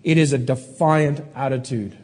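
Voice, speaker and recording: A man preaching a sermon, asking rhetorical questions and slowing down to stress key words. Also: mid-range voice, darkish tone. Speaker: pastor.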